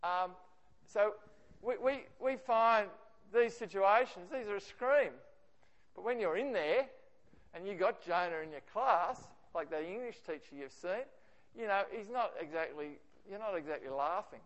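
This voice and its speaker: A man with an Australian accent giving a lively, conversational presentation to teachers. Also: high-pitched, measured pace. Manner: animated, acts out quoted remarks. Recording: reverberant hall.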